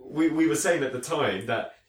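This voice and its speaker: A man's voice: a little high, normal speed. A man, a podcast guest discussing films casually, joking and laughing often. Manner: laughing, jokey. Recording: echoey, distant mic with faint noise.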